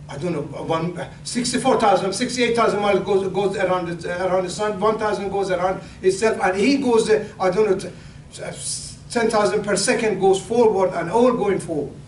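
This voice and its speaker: The speaker is an older imam preaching before the sermon in a hall full of echo, with a faint hum and the mic set far away. He has a high voice and a halting delivery, restarting and repeating words and rising for emphasis.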